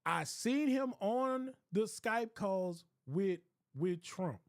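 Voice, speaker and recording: A man's voice: high-pitched, expressive, drawn-out words, dry recording, clean studio sound. A young man telling a rambling, profane story in casual chat, often breaking into laughter. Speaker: streamer.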